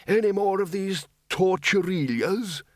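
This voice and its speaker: A man's voice: high-pitched, a little slow, no echo, studio quality, pitched above the performer's own voice. A man voicing a doddering, cheerful old male wizard who rambles and quavers. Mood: rambling.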